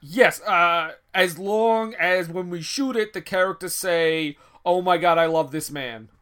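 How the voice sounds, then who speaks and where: A man acts out a gullible movie executive who agrees with every bad idea. His voice is bright and a little high, and he jumps in with quick approval. It is an improvised comedy sketch. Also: clean tone. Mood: eager. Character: gullible male film executive, easily sold.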